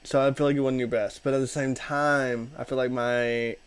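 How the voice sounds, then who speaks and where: A man's voice: mid-range voice, flat delivery, moderate pace. A man co-hosting a podcast in casual chat, laid-back, often trailing off and laughing. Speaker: podcast co-host.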